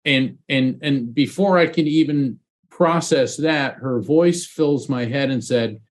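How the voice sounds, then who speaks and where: A man in an interview talks earnestly, recounting a personal story with animated energy. His voice sits at an ordinary pitch and he often restarts his phrases as he goes. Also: takes it slowly. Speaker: psychic medium guest, former trial lawyer.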